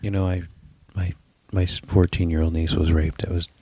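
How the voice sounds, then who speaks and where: A man mimicking a female acupuncturist who rambles deadpan about grim family troubles. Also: low-pitched, normal speed, husky, no echo. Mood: deadpan oversharing. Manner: deadpan mock-sympathetic rambling. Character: oversharing female acupuncturist dumping grim news.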